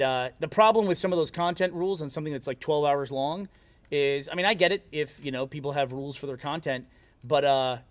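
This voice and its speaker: A man's voice: medium pitch, no echo. A man hosting a live stream, talking loosely and casually and laughing often. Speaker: livestream host.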